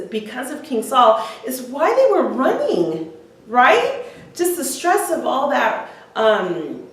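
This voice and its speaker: A woman teaching a women's Bible study, retelling scripture in casual everyday words with frequent ums. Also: a little high. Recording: echoey room, voice from far off the mic.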